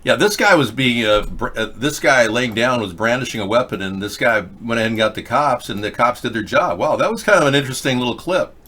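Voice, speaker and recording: A man's voice: mid-range voice, expressive, fairly quick, few pauses, pushed and bright. An older man hosting a show, giving rambling, opinionated commentary on video clips with frequent restarts. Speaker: host.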